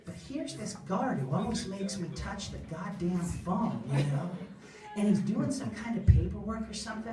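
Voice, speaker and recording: A woman performing a funny personal story live before an audience, animated and self-deprecating, acting out the other voices. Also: mid-range voice, moderate pace, a crowd in the background. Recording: echoey room, far mic, audience.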